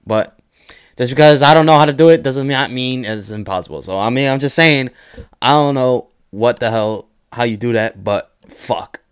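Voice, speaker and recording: A young man hosting a casual reaction video, excitable and swearing, full of "yo" exclamations and laughter. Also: medium pitch, normal speed, clean tone.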